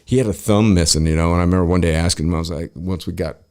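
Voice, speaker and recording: Casting note: low-voiced male podcast host, salty, animated storyteller, relaxed chat. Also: rapid-fire, smooth. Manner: profane, animated, acts out quoted people.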